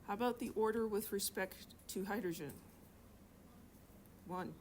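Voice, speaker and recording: A woman's voice: mid-range voice, measured pace, a little mellow, slight background noise. A middle-aged woman teaching a chemistry class, chatty and joking, asking students questions in a classroom. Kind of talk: classroom lecture.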